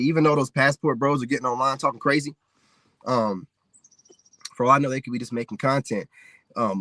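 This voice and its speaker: A man's voice: medium pitch, fairly bright tone, dry recording, clean studio sound. Candid American man ranting on a livestream. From United States. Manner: candid, rambling, fillers like "man" and "you know what I'm saying". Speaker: livestreaming content creator. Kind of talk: casual livestream rant.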